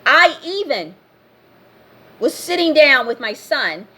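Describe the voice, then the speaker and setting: A woman with a slightly high voice delivers a casual rant to her camera. She is blunt and scolding and keeps repeating herself to drive each point home. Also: big pitch swings, slow pace, sharp tone. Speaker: vlogger.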